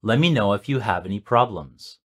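Man reading practice phrases with lively intonation. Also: fairly low pitch. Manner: clear, measured enunciation. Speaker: native-speaker model voice. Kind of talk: slow repeated phrase reading for learners.

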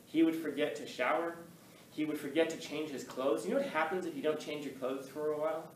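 A male teacher telling a story to his class in an animated way, acting out the voices of the people in it. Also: fairly high pitch, a little fast, slight background noise. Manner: animated, acts out quoted voices. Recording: echoey classroom, mic from far off.

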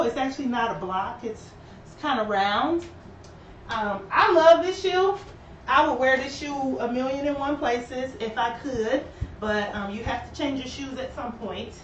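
Chatty high-voiced woman hosting a live shoe show. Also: recorded from a distance, a little hiss or hum. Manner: chatty, animated, talks to viewers. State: out of breath. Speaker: shoe store host. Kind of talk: casual live-stream sales chat. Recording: roomy and lo-fi, voice from off-mic.

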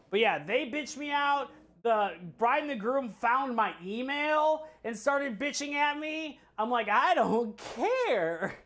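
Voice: high voice, a bit bright. Live-stream cook, chatty and profane, rambling anecdotes between recipe steps. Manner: rambling, profane storytelling with restarts. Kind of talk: casual chat with live chat while cooking.

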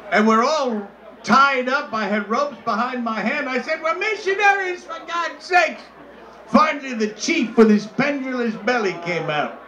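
Boisterous high-pitched male comedian. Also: animated, moderate pace. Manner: loud, boisterous, crude delivery with frequent shouts. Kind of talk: live stand-up storytelling. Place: bar. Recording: echoey bar with crowd noise.

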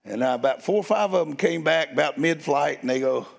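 A man preaching as a guest in a church, telling stories in a playful, animated way and laughing along. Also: fairly high pitch, brisk, creaky. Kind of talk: storytelling sermon. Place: church sanctuary. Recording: long reverb of a church hall.

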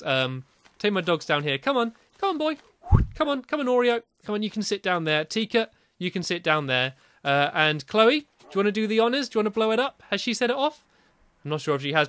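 A woman giving live commentary while playing a video game, often jumping up high and squealing when things go wrong. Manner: excitable, squeals and rises high when in danger. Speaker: gameplay video maker.

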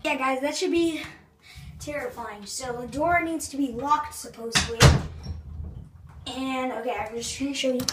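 A woman vlogging casually, jittery and excitable, sometimes dropping to a hushed voice. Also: sits high, moderate pace, long pauses. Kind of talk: casual video narration. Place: small bathroom, lights off. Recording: echoey bathroom, faint noise.

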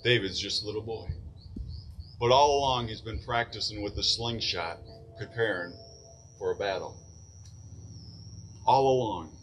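A man's voice: lowish voice, a little slow, long pauses, fairly bright tone, a little hiss or hum, rough recording. A man preaching a sermon in a church, retelling a Bible story in casual everyday words. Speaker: pastor.

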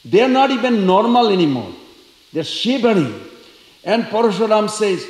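A man giving a storytelling lecture at a temple, acting out the voices of the characters with lively energy. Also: high-pitched, normal speed. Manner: animated, acts out quoted characters. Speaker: temple speaker. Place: temple hall. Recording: echoey temple hall.

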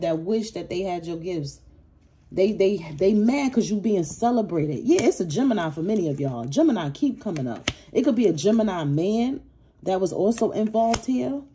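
A woman's voice: mid-range voice, warm tone, slightly rough. Blunt, profane woman reading tarot. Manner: blunt, profane, heated, mimics others in raised voice. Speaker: tarot reader.

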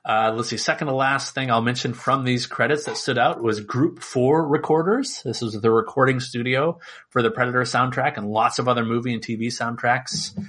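Male podcast co-host, casual and rambling, middle pitch, loose filler-heavy delivery. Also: fairly even intonation, normal speed, a bit bright, husky. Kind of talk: casual chat.

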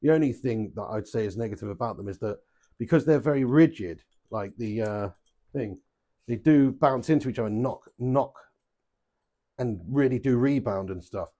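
At a medium pitch and normal speed, a man plays darts on a live stream and chats with his viewers. His throws set off excitable outbursts, and he swears a lot.

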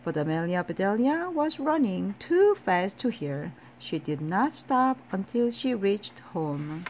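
A woman's voice: medium pitch, big pitch swings, measured pace, darkish tone, slight background noise. Woman reading a bedtime story.

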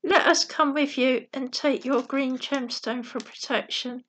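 Woman reading storybook gnome, small, magical, cautionary, helpful, high voice. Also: steady tone, a little slow, a bit bright, a little hiss or hum. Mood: warning.

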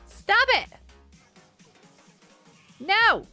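A woman with a very high, bright voice gives live gameplay commentary with plenty of giggles. Her pitch swings widely as she reacts to what happens on screen, chats to her viewers and takes her time over each thought. Soft music plays underneath. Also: drawn-out words. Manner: giggly, excitable, chatting to viewers. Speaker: live streamer.

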